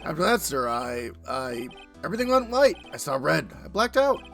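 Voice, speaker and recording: A man voicing a jittery, overeager young male patrol officer who loudly ends every sentence with "sir". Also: fairly high pitch, very animated, moderate pace, creaky, soft background music, exaggerated voice. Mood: nervous, eager. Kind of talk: voicing a game character in a playthrough.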